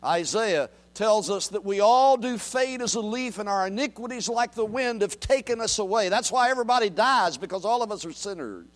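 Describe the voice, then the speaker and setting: A man preaching a sermon, reading scripture aloud and swinging from quiet, low murmurs to loud, raised declarations. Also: expressive, moderate pace, few pauses. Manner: reads scripture aloud and asks the congregation to repeat. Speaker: pastor.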